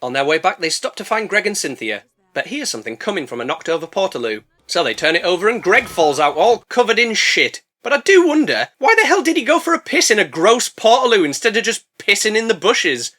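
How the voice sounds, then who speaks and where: A man narrates a bad-movie review with sarcasm and plenty of swearing. His voice is high for a man and bright, and it swings lively up and down as he jokes. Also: fairly quick. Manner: sarcastic, profane, jokey. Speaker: film reviewer.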